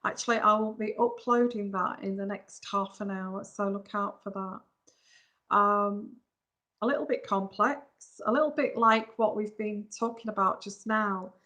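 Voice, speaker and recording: A woman's voice: medium pitch, unhurried, bright, forceful tone. A woman reading tarot on a live stream, giving frank, emphatic advice straight to viewers over a phone. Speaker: tarot reader.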